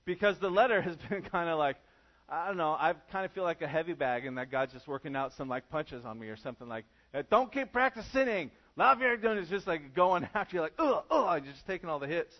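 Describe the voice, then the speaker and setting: Man preaching casually, slightly high voice. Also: quick pace, highs cut off. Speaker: pastor. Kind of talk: sermon. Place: church room with congregation.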